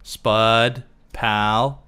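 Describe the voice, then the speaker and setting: Lower-voiced man chatting through a game. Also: fairly even intonation, very slow, pushed and bright, smooth. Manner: chatty, talks to himself while building. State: losing his voice. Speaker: let's play host. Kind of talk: casual gameplay commentary.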